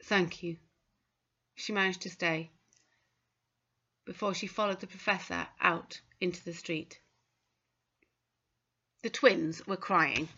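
A woman reads a story aloud with a bright, crisp voice and steady delivery. The audio is a little dull and lo-fi. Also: lowish voice, slow, long pauses. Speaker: audiobook narrator. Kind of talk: scripted narration.

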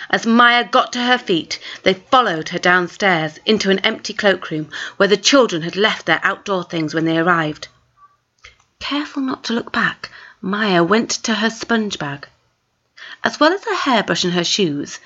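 A woman narrating a children's novel in a lively, expressive reading voice. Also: on the low side. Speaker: audiobook narrator. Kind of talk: storybook reading. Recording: dull lo-fi recording.

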